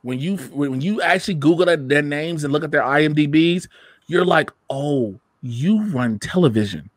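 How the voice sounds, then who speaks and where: A young adult man hosting a casual podcast chat, animated and profane, breaking into shouted mocking quotes. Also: fairly high pitch, fairly quick, no echo, clean studio sound. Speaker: podcast host.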